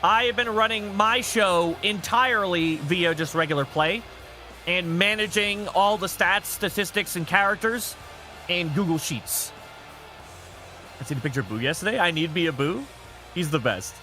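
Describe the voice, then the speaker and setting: A man hosting a live game stream, chatting off the cuff and reading messages from chat. His voice is high, bright and very animated, jumping up at every big moment in the match. Soft music plays in the background. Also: unhurried, long pauses.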